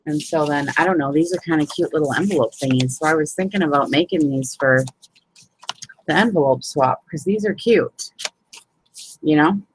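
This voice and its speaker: A woman's voice: low voice, moderate pace, slight background noise, poor audio. Chatty woman demonstrating paper crafts. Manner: chatty, fills with "you know what I mean". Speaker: crafting group host. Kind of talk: casual live craft demo.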